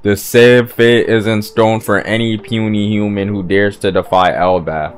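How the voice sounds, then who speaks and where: A man reading the lines of a proud, menacing male giant from a comic, slowly and evenly. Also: on the low side, soft background music, close to an everyday voice. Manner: slow, even reading of manga dialogue.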